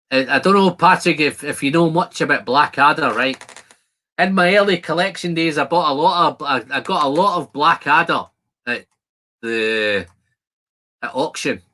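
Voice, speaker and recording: Bright-voiced man chatting live. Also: fairly high pitch. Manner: chatty, friendly, rambling with restarts. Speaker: whisky channel host. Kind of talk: casual livestream chat reading comments. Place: garden shed.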